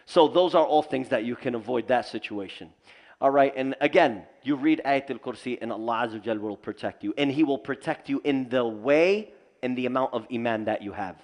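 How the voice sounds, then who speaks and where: A man teaching at a community center, telling stories with humor and lively asides. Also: medium pitch, a little fast. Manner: animated storytelling with humor. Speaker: Islamic teacher. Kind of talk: community lecture. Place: mosque community hall.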